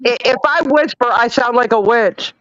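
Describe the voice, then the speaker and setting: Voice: mid-range voice, normal speed, over a noisy crowd. A speaker in casual group chat on a stream, dramatic and mock-accusing, over a crackling microphone. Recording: lo-fi crackling mic.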